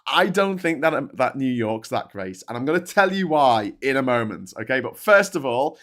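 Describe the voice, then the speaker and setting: A man's voice: mid-range voice, lively intonation, brisk, hardly any pauses, a bit bright. A British man hosting a live stream, chatting casually and rambling, with lots of restarts and asides. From Britain. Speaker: host of a live stream show.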